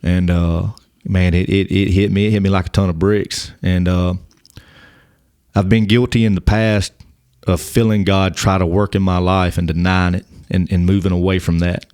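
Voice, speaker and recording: Earnest, halting man with a dry sound. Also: deep voice, level tone, darkish tone, clean tone, no room sound. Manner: halting, repeats words, earnest. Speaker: podcast guest. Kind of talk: personal testimony in casual conversation.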